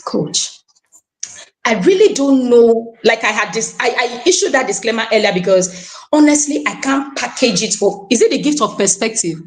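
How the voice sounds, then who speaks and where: As a guest on a live stream podcast, a Nigerian woman with a Nigerian accent shares an animated, exclamatory testimony at a moderate pace and a slightly high pitch. She repeatedly calls out to her coach and drops into pidgin phrases.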